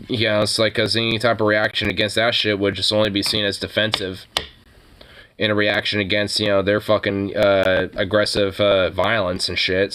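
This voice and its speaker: A man's voice: fairly low pitch, bright, forceful tone, smooth. A man ranting casually about politics, profane and rambling, with lots of filler words. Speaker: podcast host.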